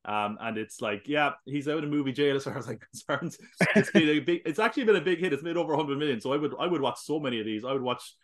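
A young man with a Cork Irish accent, co-hosting a casual film podcast, excitable and rambling, often breaking into laughter. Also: on the high side, fast. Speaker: podcast co-host.

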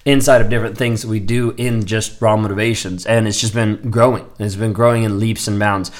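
A man's voice: on the low side, steady tone, fairly quick. Earnest rambling man reflecting aloud. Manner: earnest, rambling, frequent "like" fillers. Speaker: vlogger. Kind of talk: reflective personal vlog.

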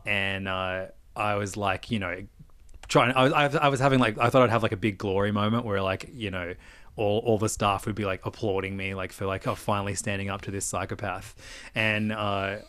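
A man's voice: lowish voice, moderate pace, fairly bright tone, clean tone, no room sound. A man with an Australian accent telling stories in casual chat, rambling with lots of fillers and restarts and swearing freely.

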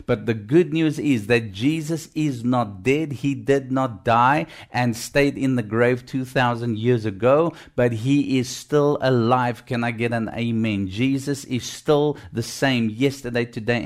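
A man preaching a sermon in an even middle voice. He is emphatic, repeats his phrases in a driving rhythm and calls on the congregation for responses. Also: medium pitch. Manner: emphatic, call-and-response, repetitive.

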